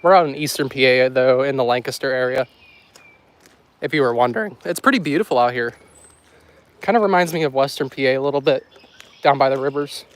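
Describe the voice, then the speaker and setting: A man's voice: medium pitch, brisk, pauses often. Chatty man livestreaming on a walk. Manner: rambling, joking, chatty asides to chat. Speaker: weather livestream host. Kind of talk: casual live-stream chat while walking. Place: outdoors by a road in the countryside. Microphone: handheld phone.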